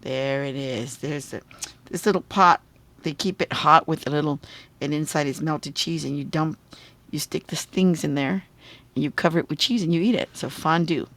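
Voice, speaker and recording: A woman's voice: low voice, moderate pace, a bit bright, dry recording. A woman teacher giving a phonics lesson on video, patiently sounding out syllables and checking in with the viewer.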